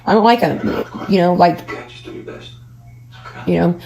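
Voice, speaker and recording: A woman's voice: fairly low pitch, slow pace, creaky, warm tone, poor audio. A woman rambling and venting to her livestream chat in a casual, profane way.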